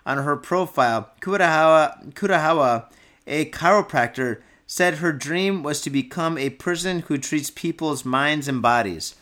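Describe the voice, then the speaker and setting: With a fairly bright voice on the high side, a tipsy young podcaster rants comically about current events at a moderate pace. He swears nonstop and keeps repeating himself.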